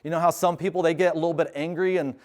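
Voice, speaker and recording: A man's voice: a little high, steady tone, rapid-fire, darkish tone. A middle-aged man, a veteran, speaking earnestly to a university class about service dogs and breaking off to give his dog firm commands. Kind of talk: live class talk and demonstration.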